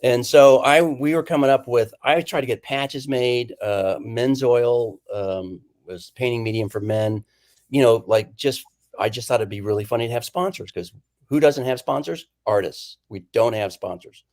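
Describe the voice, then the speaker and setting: A man's voice: mid-range voice, normal speed. A man, a painter and guest, casually telling an anecdote and acting out what people said. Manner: animated storyteller who acts out quoted lines. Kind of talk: casual storytelling chat.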